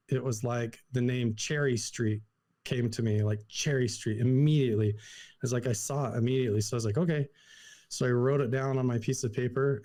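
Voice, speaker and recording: A young man from Idaho, a podcast guest, telling a personal story in a casual, animated way, full of "like" and acted-out quotes. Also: medium pitch. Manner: animated, lots of "like" fillers, acts out quotes.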